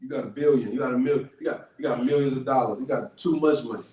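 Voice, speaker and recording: A man preaching loudly and emphatically to a crowd, repeating and paraphrasing scripture in slangy street talk. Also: mid-range voice, fast, slight background noise. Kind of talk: street sermon with call and response. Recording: echoey, recorded from a distance.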